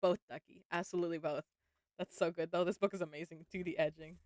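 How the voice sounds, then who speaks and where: A woman's voice: lowish voice, steady tone, fast, darkish tone, dry recording, clean studio sound. A woman reading a novel aloud on a live stream from home, chatting with her audience, laughing often and swearing casually. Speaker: book reader and live streamer. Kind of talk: live-streamed book reading with chat banter.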